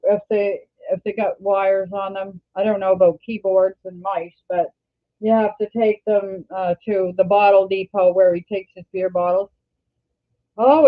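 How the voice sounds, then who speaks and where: An older Canadian woman hosting a casual livestream, talking in a rambling, halting way and often restarting her sentences. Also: medium pitch. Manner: rambling, halting, self-correcting. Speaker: livestream host. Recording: tinny phone-like sound.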